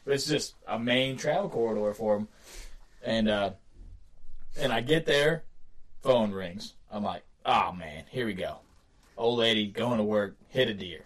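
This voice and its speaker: A man casually telling a long, excited hunting story on a podcast, laughing often and getting animated. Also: on the low side, unhurried.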